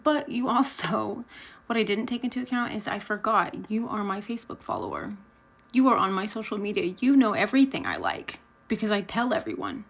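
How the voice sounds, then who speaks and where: A woman vlogger tells a personal story to camera, chatting candidly and bluntly and laughing now and then. Her mid-range voice is sing-song and fairly quick, with vocal fry. The audio quality is poor.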